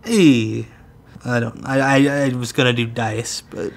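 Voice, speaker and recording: A man's voice: mid-range voice, level tone, moderate pace, creaky. A man co-hosting a casual podcast, launching into a profane, mock-angry rant. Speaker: podcast co-host.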